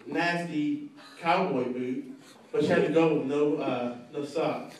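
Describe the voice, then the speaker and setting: A young man doing a stand-up set, rambling and halting, with many fillers and restarts. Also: a little high, far from the mic, slight background noise. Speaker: stand-up comedian. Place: comedy club stage. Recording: echoey club, mic heard from afar, loud crowd laughter. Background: audience laughing.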